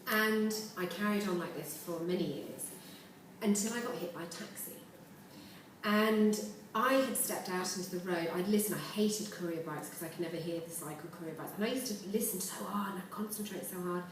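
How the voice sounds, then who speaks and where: A woman's voice: on the low side, normal speed, a little hiss or hum. A woman giving an earnest, reflective personal speech as an award speaker. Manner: earnest, reflective, with warm laughter. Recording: echoey hall from far off.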